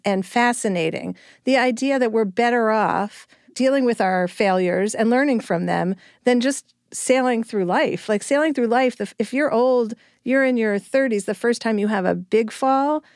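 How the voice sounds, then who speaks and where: A woman's voice: fairly high pitch, clear, resonant tone, no room sound, clean studio sound. A middle-aged woman co-hosting a podcast, talking earnestly and reflectively about her parenting. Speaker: podcast co-host. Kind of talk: casual chat.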